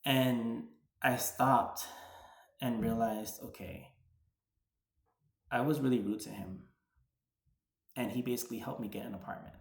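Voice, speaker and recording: Vocal fry colors this mid-range, steady voice as a New York-area vlogger in his 30s tells a personal story at a measured pace, pausing often. His casual telling is full of "like" and retold dialogue, recorded with a roomy echo.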